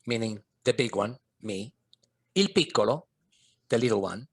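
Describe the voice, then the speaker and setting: Gravelly middle-aged guy sharing his story on a podcast, earnest, drops in foreign phrases. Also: on the low side, animated, moderate pace, fairly bright tone. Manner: earnest, vivid, slips in Italian and French phrases. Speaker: podcast guest, family history coach. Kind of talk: personal storytelling in a podcast interview.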